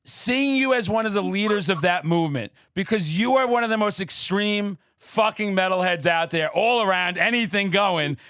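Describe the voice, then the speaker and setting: A man hosting a podcast interview, talking in a loud, profane, fired-up way with shouted bursts. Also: sits high, normal speed, few pauses, clear, resonant tone, no room sound, studio quality. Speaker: podcast host. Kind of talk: casual interview chat.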